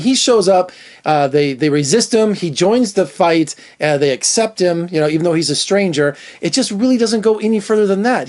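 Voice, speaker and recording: A man's voice: high-pitched, darkish tone. A man giving a casual, opinionated movie review as a film critic, talking loosely with lots of fillers and restarts.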